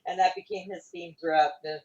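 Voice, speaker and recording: Fast-talking woman on a video call. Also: low-pitched, very animated, a little mellow. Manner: fast-talking, laughs often. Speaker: interview guest, former child actor. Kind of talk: casual remote interview. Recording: roomy, distant, dull video-call audio.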